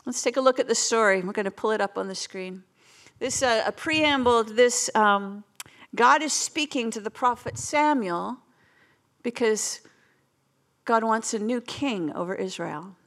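A woman preaches a sermon, telling personal stories with self-deprecating humor. Her voice sits high in the female range. She keeps it conversational and easygoing, like a pastor talking to her congregation. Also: a little slow, a bit bright. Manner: self-deprecating storytelling with laughs.

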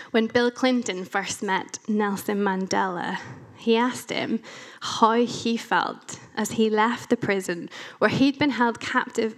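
A young woman with an Irish accent giving a conversational church talk, chatty and animated, with self-deprecating asides. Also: medium pitch. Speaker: preacher.

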